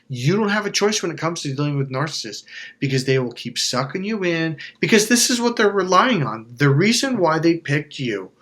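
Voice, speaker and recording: A man's voice: fairly high pitch, a bit bright. Blunt, profane man coaching straight to camera. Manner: blunt, emphatic and profane, with repeated insistent phrasing; acts out voices of people in his stories. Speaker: life coach and channel host. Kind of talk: direct-to-camera motivational talk.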